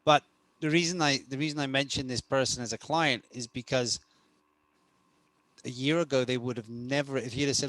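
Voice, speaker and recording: A man's voice: mid-range voice, steady tone, normal speed, fairly bright tone, no room sound. A man co-hosting a casual podcast conversation, telling long stories about clients with many restarts and asides. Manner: rambling storytelling with many restarts. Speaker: podcast co-host and coach.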